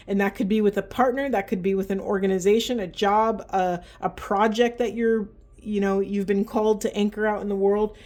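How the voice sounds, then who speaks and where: A woman's voice: medium pitch, steady tone, normal speed, darkish tone. A woman giving a spiritual oracle card reading to camera, earnest and urging, often addressing her listeners directly. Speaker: spiritual tarot reader.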